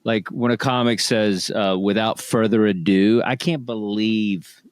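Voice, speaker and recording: A man's voice: lowish voice, fairly even intonation, measured pace, dry recording. A man co-hosting a comedy podcast, ranting in casual, jokey banter. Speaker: podcast co-host.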